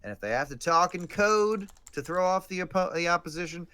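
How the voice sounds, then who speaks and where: A podcast co-host jokes and gets sarcastic while talking through a baseball game on a casual live stream. He has a high-pitched, sharp voice with a clear, resonant tone, and he talks a little fast.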